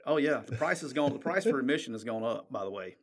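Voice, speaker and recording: A man's voice: medium pitch, lively intonation, quick pace, breathy edge. A man hosting a podcast, talking sports in a blunt, emphatic, profane way and often checking "okay?". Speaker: podcast host. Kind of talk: casual sports talk.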